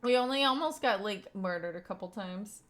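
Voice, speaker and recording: A young Kentucky streamer with a light Southern lilt chats casually with viewers and reads their messages, rambling with frequent fillers and laughs. Her mid-range voice is expressive and a bit bright, at a normal speed.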